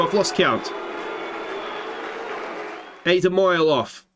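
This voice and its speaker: An Australian man hosting a football management let's play, calling his match like a commentator and swinging into excited shouts at big moments. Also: medium pitch, normal speed, a faint crowd, a little hiss or hum. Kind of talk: gameplay commentary.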